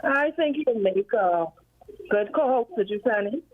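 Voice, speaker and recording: A woman's voice: a little high, animated, normal speed, phone-quality sound. A woman calling in to a live show, friendly and a little hesitant. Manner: friendly, hesitant, praises the guest host. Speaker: caller.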